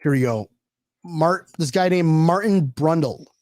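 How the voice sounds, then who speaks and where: A man co-hosting a casual chat show, talking in an animated way, laughing often and restarting his sentences. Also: on the high side, unhurried, no echo, studio quality. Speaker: co-host.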